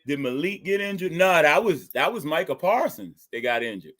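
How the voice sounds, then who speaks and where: A young man hosting a live stream, reacting to a game as it plays and talking to his chat with excitement and laughs. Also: fairly high pitch, normal speed. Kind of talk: live fan commentary on a game.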